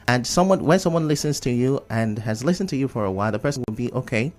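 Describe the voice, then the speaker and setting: A man's voice: medium pitch, lively intonation, quick pace, darkish tone. A man with a Nigerian accent, a radio host explaining pronunciation in a talk show discussion.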